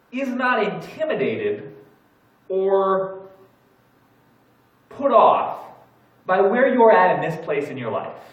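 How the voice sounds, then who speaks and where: Pastor preaching in an echoey church. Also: male voice, high-pitched. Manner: storytelling, animated, acts out his own panic. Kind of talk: sermon. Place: church sanctuary. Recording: echoey church hall, distant mic, dull sound.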